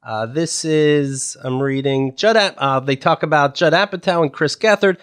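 A man's voice: fairly high pitch, moderate pace, fairly bright tone, clear, resonant tone. A man co-hosting a podcast in casual chat, sardonic, now and then reading news excerpts aloud. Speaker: podcast co-host.

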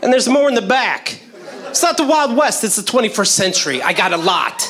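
A man's voice: sits high, very animated, brisk, a bit bright. A man doing stand-up comedy, telling stories with laughter and acted-out quotes.

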